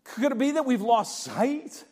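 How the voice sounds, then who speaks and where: An older male preacher with a high voice delivers a dramatic sermon in a church. He acts out a story, dropping to a hush one moment and shouting the next. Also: expressive, unhurried. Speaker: pastor. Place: church sanctuary.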